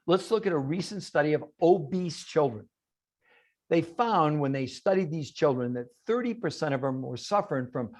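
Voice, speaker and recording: A man giving an emphatic talk on a video call. He asks rhetorical questions and answers them himself. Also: high-pitched. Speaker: guest speaker on a call. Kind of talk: animated presentation on a group call.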